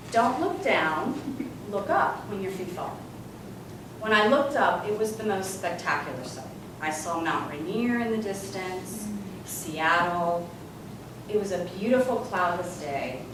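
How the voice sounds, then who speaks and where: A woman giving a humorous storytelling speech as a guest speaker, with animated comic timing. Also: medium pitch, noisy background. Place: large hall with live audience. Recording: echoey hall from far off. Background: room ambience and audience laughter.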